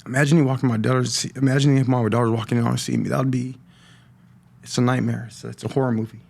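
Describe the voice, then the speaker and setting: A middle-aged man giving a personal testimony on a podcast, talking in a halting way with many restarts and repeated words. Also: medium pitch, flat delivery, creaky, darkish tone. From California. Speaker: podcast guest sharing recovery story. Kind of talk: personal testimony, casual talk.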